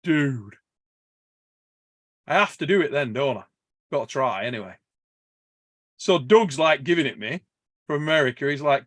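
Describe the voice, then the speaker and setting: A man's voice: medium pitch, moderate pace, long pauses, no room sound, studio quality. A man hosting a podcast, telling a story in casual chat, swearing and laughing as he goes. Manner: animated, swears a lot, laughs while telling stories. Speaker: podcast host.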